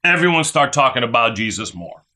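Fervent, lively-voiced male preacher. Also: medium pitch, a little fast. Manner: fervent preaching, repeats phrases, asks "right?". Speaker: pastor. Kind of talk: sermon.

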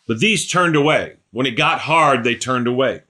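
A pastor preaching a sermon, swinging between loud emphatic lines and hushed asides. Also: male voice, mid-range voice, lively intonation, moderate pace.

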